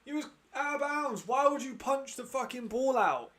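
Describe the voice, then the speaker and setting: A man hosting a football watch-along, commenting live with excitement, frequent swearing and laughter. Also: very high-pitched, normal speed.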